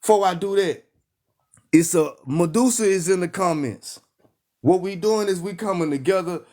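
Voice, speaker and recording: A man's voice: high-pitched, moderate pace, warm tone. A man with a Texan accent preaching with fire in a live stream, emphatic and repetitive, hammering his lines like a call and response. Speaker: online preacher.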